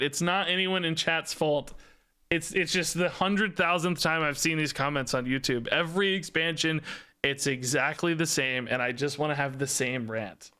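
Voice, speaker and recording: Streaming a card game, a man rants fast in an exasperated, animated way, laughing often and repeating words. His voice is high-pitched and smooth.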